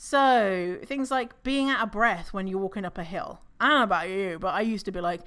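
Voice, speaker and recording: A woman hosting a casual solo podcast, chatty and animated, laughing often and swearing casually. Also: mid-range voice, brisk, hardly any pauses. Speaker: podcast host.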